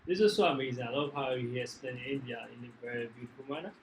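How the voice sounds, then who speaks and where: A man hosting a reaction video, excitedly praising what he watched. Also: medium pitch, fast, a little hiss or hum, rough recording. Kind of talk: casual reaction chat.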